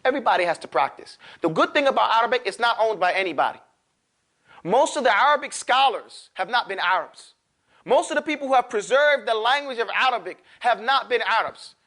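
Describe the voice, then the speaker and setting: A man leads a recitation lesson, his voice pitched unusually high. He drags sounds out slowly so the class can copy them, then rattles off explanations in quick, loose talk. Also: animated, bright, forceful tone. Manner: drills and repeats syllables slowly, then talks fast and loose. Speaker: Quran recitation teacher.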